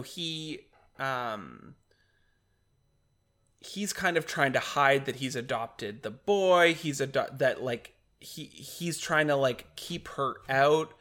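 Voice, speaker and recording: A man's voice: mid-range voice, fairly bright tone. A man co-hosting a casual podcast, talking hesitantly and enthusiastically about a film. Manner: hesitant, many fillers and restarts, enthusiastic. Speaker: podcast co-host.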